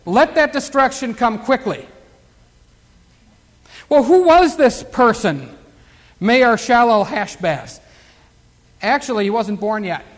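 A man's voice: extremely high pitch, expressive, slow, long pauses. An older man preaching a Bible teaching sermon in a folksy way, full of rhetorical questions and asides as he reads scripture aloud. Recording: long hall reverb.

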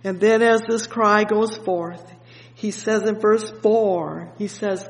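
A man preaching an evening sermon, explaining a psalm with fervent interjections of "oh yes" and "praise the Lord", reading scripture slowly and deliberately. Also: high voice, steady tone, vocal fry. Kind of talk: evening sermon, Bible exposition. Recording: echoey hall with long reverb.

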